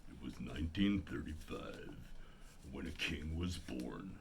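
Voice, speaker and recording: A man plays a bass-voiced gospel announcer who intones every line slowly and gravely. The voice sits far below his own and rolls out with solemn weight. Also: lively intonation, darkish tone, slight background noise, exaggerated voice.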